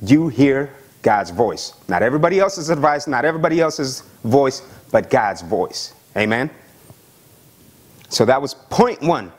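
Excited pastor, lively preaching voice. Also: male voice, mid-range voice, measured pace. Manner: excited, repeats words and asks "Amen?". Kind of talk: sermon with Bible reading and prayer.

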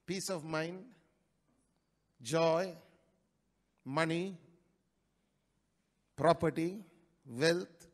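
High-voiced preaching man. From India. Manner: preaching with sudden loud rises and quick asides. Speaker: pastor. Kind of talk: sermon. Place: church.

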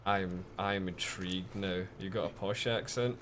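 A man giving casual, lively commentary while streaming a game, chatting with viewers and swearing often. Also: on the low side, fast talker, slight background noise.

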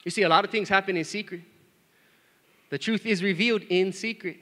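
A male pastor preaching to his congregation in an animated, joking way, calling out to them for responses. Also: sits high, quick pace. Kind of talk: sermon. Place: church. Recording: reverberant church hall.

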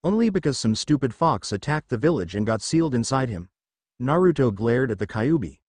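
A man narrating a fan fiction story in an animated reading voice. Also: mid-range voice, fairly quick, no echo. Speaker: fanfiction reader.

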